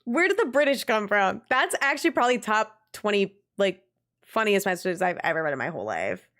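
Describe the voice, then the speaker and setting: A young adult woman streaming a game and chatting casually with her viewers, animated and quick to laugh, swearing freely. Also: mid-range voice. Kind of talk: casual live-stream chat.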